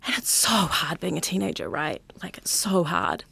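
A woman's voice: on the low side, very animated, normal speed, gravelly, pushed and bright, husky, no room sound. Earnest young New woman teacher. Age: 20s. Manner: earnest, chatty, full of "like" and "you know". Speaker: high school teacher. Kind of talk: candid interview.

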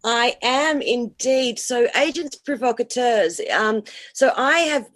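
Enthusiastic woman with a higher voice. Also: slow, fairly bright tone. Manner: enthusiastic, piles up long lists. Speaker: cabaret and burlesque performer, interview guest. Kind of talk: casual radio interview.

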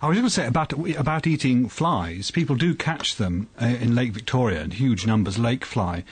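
Husky, animated male scientist guest. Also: medium pitch, normal speed, no room sound. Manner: animated, anecdotal explaining.

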